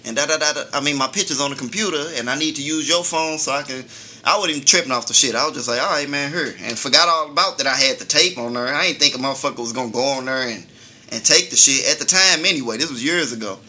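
A man's voice: mid-range voice, fast, sharp tone. A man co-hosting a casual talk show, telling a long story in a laid-back, profane way and laughing often. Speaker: podcast co-host.

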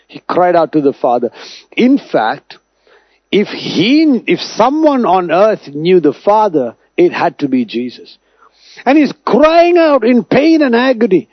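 A man's voice: big pitch swings, unhurried, no echo, lo-fi sound. A man preaching a sermon, dramatically raising and dropping his voice. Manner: dramatic preaching, rising and falling sharply in pitch and volume.

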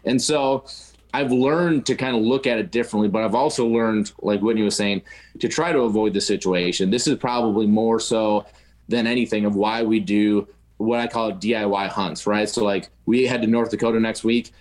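A man's voice: on the low side, steady tone, moderate pace, a little mellow. A man talking casually as a dog-training guest on a podcast, rambling and often tagging "right?" and "you know" onto his sentences.

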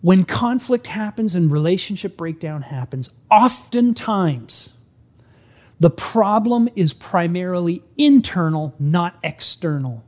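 A pastor giving an earnest sermon, slowing down for emphasis and acting out a story. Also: medium pitch, animated, darkish tone. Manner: earnest, emphatic, acts out stories; frequent restarts, slows for emphasis.

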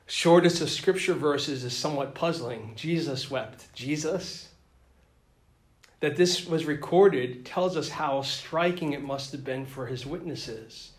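A man's voice: fairly high pitch, reverberant. A man reading a gospel passage aloud and then preaching an earnest, reflective homily. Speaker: priest or deacon.

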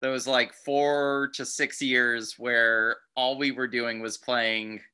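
A young man co-hosting a podcast who chats casually and drops wry, quick interjections. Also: medium pitch, little pitch movement, pushed and bright, clear, resonant tone. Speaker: podcast co-host. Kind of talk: casual chat.

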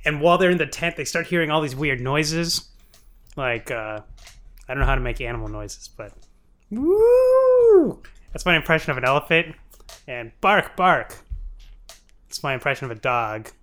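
Bright-voiced man giving a profane comedy recap. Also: medium pitch, quick pace, clear, resonant tone. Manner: profane, giggly storytelling. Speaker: podcast co-host.

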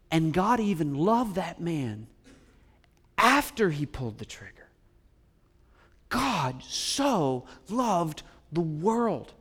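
A man with a notably high-pitched voice preaches a sermon to a church congregation. He talks slowly and deliberately, drops to near-whispers and then surges into booming lines, and calls for amens and neighbor responses. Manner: dramatic swings from hushed to booming, drawn-out emphasis. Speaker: pastor.

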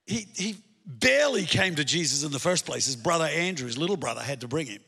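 Male pastor preaching, high voice with lots of gravel and a husky edge, big echoey church hall. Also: fast talker. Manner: animated, swinging from emphatic to hushed storytelling. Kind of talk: sermon. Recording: long hall reverb.

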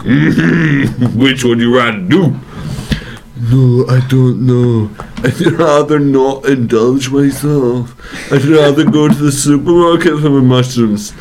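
A man voicing a big, gruff swamp ogre in a put-on Scottish accent, deep and silly. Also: slow pace, a little mellow, a little hiss or hum. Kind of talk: improvised comedy role-play.

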